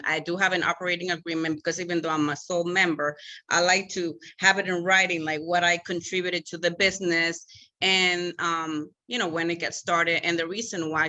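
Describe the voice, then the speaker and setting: Woman, business consultant, bright forceful tone, step-by-step explaining. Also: lowish voice, poor audio. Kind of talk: panel discussion.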